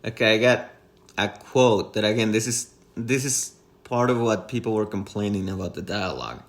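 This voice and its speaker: A man's voice: lowish voice, normal speed. A man co-hosting a casual film-review podcast, amused, laughing mid-sentence and restarting his thoughts. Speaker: podcast co-host.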